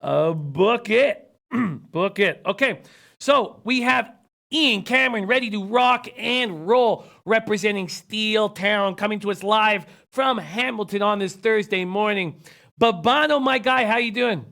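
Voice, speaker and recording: High-pitched man losing his voice. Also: measured pace, creaky, bright, forceful tone. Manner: reads viewer comments, rattles off stats. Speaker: sports betting show host. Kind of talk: casual sports betting talk.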